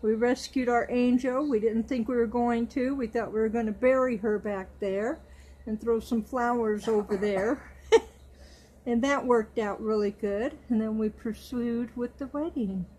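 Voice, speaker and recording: A middle-aged woman chatting to her viewers, slow and affectionate, stumbling over some words. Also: on the high side, warm tone, a little hiss or hum, poor audio. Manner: coos in baby talk. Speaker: vlogger. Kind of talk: casual chat to camera.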